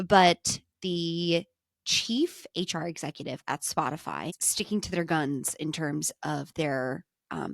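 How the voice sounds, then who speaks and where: Chatty young woman with a gravelly low voice. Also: no echo, studio quality. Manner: chatty, enthusiastic, lots of fillers. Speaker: podcast co-host. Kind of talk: casual chat.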